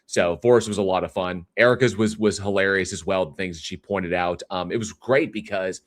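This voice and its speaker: A man with a deep, low voice hosts a livestream and chats casually with his viewers. He rambles, trips over his words and restarts sentences, and drops in plenty of fillers. The recording is dry, with no room sound around him. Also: fairly quick, dry recording. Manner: rambling, reads chat aloud, many fillers and restarts. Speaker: livestream host.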